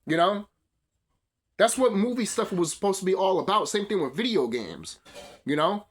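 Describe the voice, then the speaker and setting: A man's voice: sits high, big pitch swings, moderate pace, husky. A young man hosting his channel, delivering a heated, profane, rambling rant. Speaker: video channel host. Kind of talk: ranting commentary.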